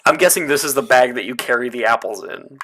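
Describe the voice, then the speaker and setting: A man runs a tabletop game with an easygoing, halting delivery. His pitch sits in an ordinary middle range. He trails off often, filling gaps with drawn-out sounds. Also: expressive, bright, forceful tone, slight background noise. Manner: casual, hesitant with many fillers. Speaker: game master.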